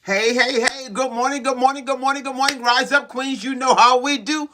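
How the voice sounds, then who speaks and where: A woman's voice: sits high, steady tone, brisk, background noise. A woman hosting a live-streamed empowerment show, preaching with call-and-response declarations and constantly urging "listen" and "come on". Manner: exhorting, repeats "listen" and "come on". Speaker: host and preacher.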